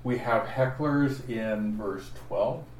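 A man preaching an expository Bible sermon, teaching slowly and deliberately and stressing each verse he points to. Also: mid-range voice, darkish tone. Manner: slow, deliberate teaching with emphatic verse references. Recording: echoey room, voice from afar, faint noise.

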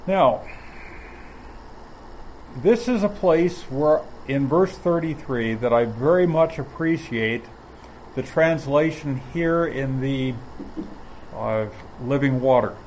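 A man teaching from the Bible in a measured, explanatory way, often pausing mid-phrase. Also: medium pitch, a little mellow, a little hiss or hum, poor audio. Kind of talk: sermon.

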